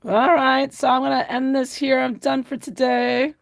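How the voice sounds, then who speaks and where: A woman's voice: high-pitched, level tone, normal speed, creaky. A woman hosting an art livestream, chatting casually and answering viewer comments while she paints, often laughing.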